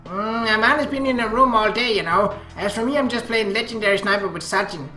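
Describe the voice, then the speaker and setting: A man's voice: high-pitched, brisk, sharp tone, pitched above the performer's own voice. A man voicing a cheerful teen girl who talks in a sing-song drawl and tags lines with "you know", recorded in a roomy space with faint music. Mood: playful.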